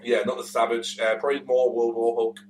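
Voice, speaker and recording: A man's voice: mid-range voice, little pitch movement, brisk, a little mellow. A man co-hosting a casual comic-book chat, rambling through stories, laughing often and swearing freely. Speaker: podcast co-host. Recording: echoey room, mic at a distance, faint hum.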